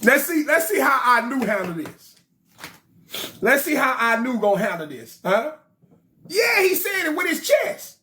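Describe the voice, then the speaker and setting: A man's voice: very high voice, sing-song, a little slow, long pauses, pushed and bright. A man retelling and reading an ancient text to a study group in a joking way, full of slang.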